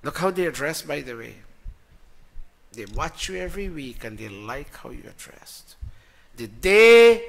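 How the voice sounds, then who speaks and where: A man leading an informal temple gathering, playful and animated, calling people forward by name. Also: mid-range voice, normal speed, creaky. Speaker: temple spiritual leader. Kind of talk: informal sermon to congregation. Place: temple hall before congregation.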